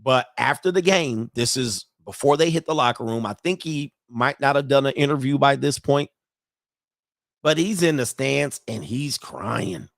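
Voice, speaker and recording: A man hosting casual sports commentary, animated and laughing often, with sudden high-pitched outbursts. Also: moderate pace, vocal fry, dry recording, clean studio sound.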